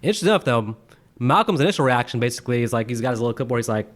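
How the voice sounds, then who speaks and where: A man at an ordinary pitch co-hosts a relaxed movie review conversation. He is animated and laughs often. He keeps breaking into exaggerated voices to act out lines and reactions. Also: racing. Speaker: podcast co-host. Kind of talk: casual movie review chat.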